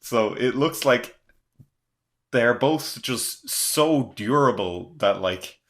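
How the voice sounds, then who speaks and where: A man's voice: mid-range voice, lively intonation, slow, fairly bright tone. A man giving a casual, chatty chapter review as the channel's host, leaning on loose filler words. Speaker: manga reaction channel host.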